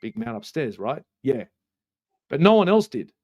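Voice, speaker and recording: A man's voice: high voice, very animated, normal speed, creaky, darkish tone, lo-fi sound. A man, ranting passionately about football on a live fan stream, swearing often and repeating his points for emphasis.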